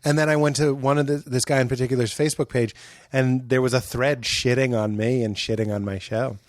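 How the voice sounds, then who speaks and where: A man's voice: mid-range voice, steady tone, fairly quick, dry recording, studio quality. A man, a comedian guest on a podcast, talking in a thoughtful, earnest way. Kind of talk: casual chat.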